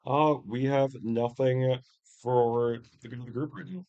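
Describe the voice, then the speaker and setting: A man answering briefly and easily at a staff meeting. His voice is mid-pitched. The recording is dry and a bit muffled. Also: fairly even intonation, a little slow, a little mellow, no echo. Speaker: board member running the stream. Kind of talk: casual meeting talk.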